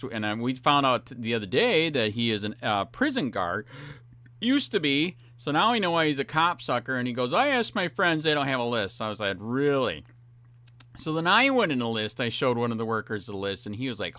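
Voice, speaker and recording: A man's voice: medium pitch, big pitch swings, a little fast, sharp tone, no echo. A man hosting a police watchdog channel, rambling through a profane commentary full of fillers. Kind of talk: ranting video commentary.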